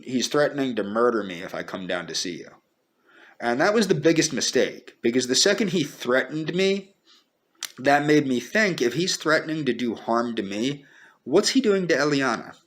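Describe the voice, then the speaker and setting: A man speaking a personal video message to the camera, earnest and pleading, halting and repeating himself as he holds back tears. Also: medium pitch, fairly bright tone. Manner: halting and repetitive, restarting sentences. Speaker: vlogger.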